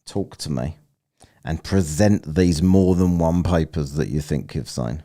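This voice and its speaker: A man's voice: a bass voice, measured pace. A man doing casual, profane, mocking live-stream commentary while reacting to a debate. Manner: mocking, profane, shouts at chat.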